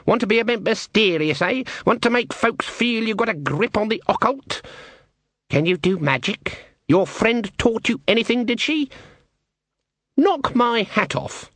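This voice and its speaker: A man's voice: sits high, lively intonation, measured pace, a bit bright, no room sound, voice pushed up, heavily acted. Man putting on a stern old witch, Granny Weatherwax. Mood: scornful. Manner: scornful, bossy, mocking. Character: stern old witch woman, sharp-tongued.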